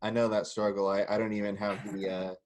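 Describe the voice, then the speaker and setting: A man hosting a music podcast interview, chummy and quick to laugh and joke. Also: on the low side, little pitch movement, a little mellow. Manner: chummy, laughing, joking asides. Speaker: podcast host. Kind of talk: casual interview chat.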